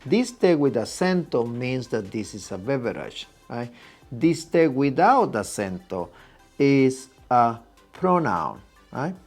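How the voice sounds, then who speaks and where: Man, patient teacher, animated intonation. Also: mid-range voice, slow, soft background music. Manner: patient, repeats key points with "right?". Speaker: Spanish teacher. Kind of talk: explanatory lesson.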